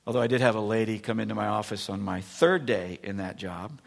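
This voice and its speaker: Gravelly-voiced male pastor preaching. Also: lowish voice, a little fast. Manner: animated storytelling, acting out voices. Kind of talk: sermon.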